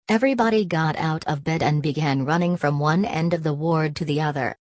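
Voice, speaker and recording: A woman narrating a novel as an audiobook in an even storytelling read. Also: low-pitched, brisk, few pauses, dry recording. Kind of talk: scripted narration.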